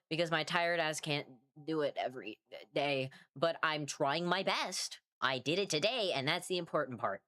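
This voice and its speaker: A low-pitched woman's voice with a fairly bright tone belongs to an artist streaming her drawing session. She chats in a loose, rambling, self-deprecating way, swearing freely and sounding weary.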